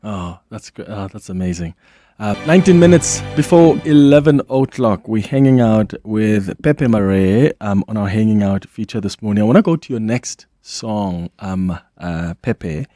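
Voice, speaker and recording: A man's voice: on the low side, moderate pace, few pauses, dark tone, no echo, faint music behind. A man hosting a radio interview, attentive to his guest and giving frequent affirmations. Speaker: radio host. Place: radio studio. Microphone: studio microphone.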